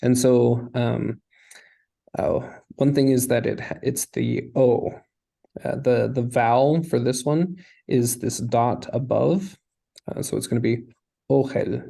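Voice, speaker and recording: A man's voice: mid-range voice, fairly even intonation, takes it slowly, creaky, mellow, low-quality recording. A man teaching a Hebrew lesson, explaining patiently step by step. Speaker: language teacher.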